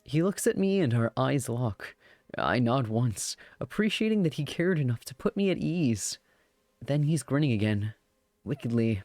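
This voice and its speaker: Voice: mid-range voice, sing-song, normal speed, a little mellow, no room sound. Giggly streamer reading a game. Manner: giggly, chatty, joking asides. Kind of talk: live-streamed visual novel read-aloud with commentary.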